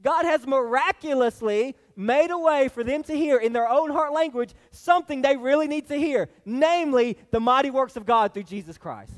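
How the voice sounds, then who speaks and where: With an extremely high, lively voice, a Southern US pastor preaches at normal speed with hardly any pauses, the sound echoing big around the sanctuary. His sermon is folksy, marked by many restarts and the tag question "all right?".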